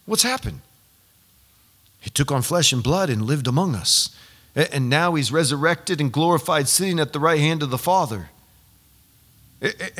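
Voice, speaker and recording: A man preaching a sermon as pastor, animated and building to loud, emphatic peaks. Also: a little high. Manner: repeats himself when excited.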